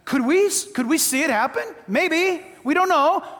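High-voiced preacher man in a big hall. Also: lively intonation, moderate pace, a bit bright. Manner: emphatic, repetitive, punchy short phrases. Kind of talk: sermon. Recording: long reverb of a large hall.

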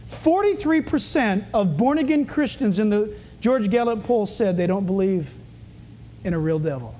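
Pastor guy preaching, jokey and lively, drops low then speeds up. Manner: animated, swings from fast urgent bursts to low hushed asides; humorous, storytelling. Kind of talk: sermon.

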